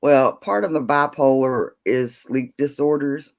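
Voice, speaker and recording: An older woman hosts a casual late-night livestream, rambling as she reads viewer comments aloud and chats to her dog in between. Her voice is rumbling low, steady in tone and unhurried.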